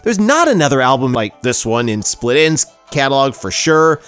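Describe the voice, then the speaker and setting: A man's voice: mid-range voice, big pitch swings, moderate pace, a bit bright, smooth. A man co-hosting a music podcast, reading his album reviews with dry jokes. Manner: dry joking, reads prepared reviews. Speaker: podcast co-host. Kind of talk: casual music podcast chat.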